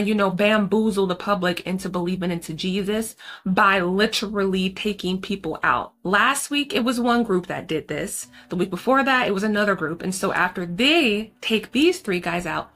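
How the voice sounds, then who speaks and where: A woman's voice: medium pitch, a bit bright. A woman hosting a horror movie recap, talking in a chatty, slangy, casual way straight to her viewers.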